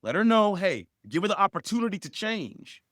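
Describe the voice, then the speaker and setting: Forceful man giving blunt advice. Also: high-pitched, very animated, brisk, no echo, studio quality. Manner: forceful, repetitive, rises sharply for emphasis. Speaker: podcast co-host. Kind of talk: emphatic advice talk.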